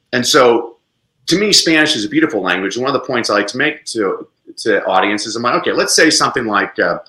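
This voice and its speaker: Animated man in an echoey room. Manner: lively, expressive, sweeps into high pitch for emphasis. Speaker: podcast guest, educator. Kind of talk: animated interview talk.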